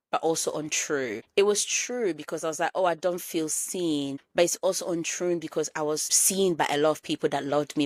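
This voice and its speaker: A woman's voice: low voice, dry recording. A woman in her thirties hosting a solo podcast, reflecting candidly and repeating phrases for emphasis. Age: 30s. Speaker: podcast host.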